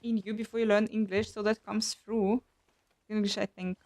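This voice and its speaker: A young woman chatting casually on a live stream, animated and swearing often as she restarts her sentences. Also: medium pitch, normal speed, no room sound. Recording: faint background music.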